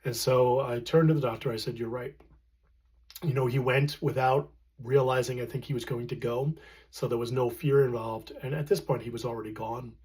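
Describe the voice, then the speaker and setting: A middle-aged man tells a personal story at a middle pitch, with a husky, slightly breathy voice. He speaks earnestly and reflectively, pausing often and searching for words. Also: steady tone, a little mellow. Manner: earnest, reflective, with many fillers and pauses. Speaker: storyteller recounting his late partner.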